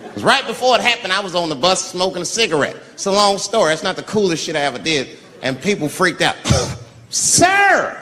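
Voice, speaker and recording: A male stand-up comedian telling a profane, animated story with acted-out voices, on a live stage before an audience. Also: high voice, fast. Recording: live hall, crowd and noise. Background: audience laughter.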